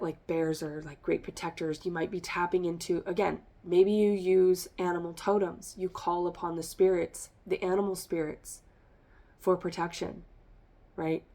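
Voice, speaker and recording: A woman's voice: on the low side, gravelly, darkish tone. A woman giving a rambling, emphatic tarot reading, speaking straight to her listeners, a little congested. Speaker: tarot reader. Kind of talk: spiritual reading monologue.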